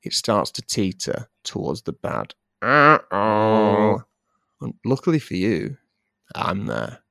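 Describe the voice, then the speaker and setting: A man co-hosting a podcast, improvising silly comic stories in a playful, animated way and often breaking into giggles. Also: fairly low pitch, a little slow, vocal fry, no room sound, studio quality. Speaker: podcast co-host.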